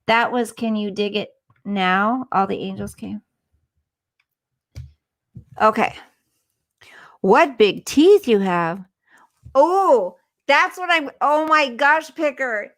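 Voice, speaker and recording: A woman's voice: sits high, measured pace, a bit bright. A middle-aged woman hosting a casual livestream, chatty and easily sidetracked as she reads comments and laughs often. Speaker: livestream host reading chat comments.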